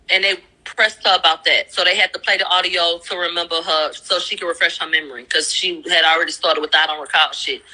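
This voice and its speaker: A woman's voice: on the low side, pushed and bright, poor audio. A woman casually recapping courtroom testimony, talking in a loose, profane way and acting out the quotes she relays. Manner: conversational, profane, acts out quoted lines. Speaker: commentator recapping a trial.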